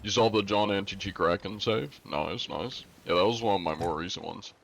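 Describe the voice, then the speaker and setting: Jokey streamer guy chatting with his viewers from his room at home, lowish voice. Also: moderate pace, creaky, a bit bright. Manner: playful, jokey, greets chat by name. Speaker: game streamer. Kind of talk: casual live-stream chat.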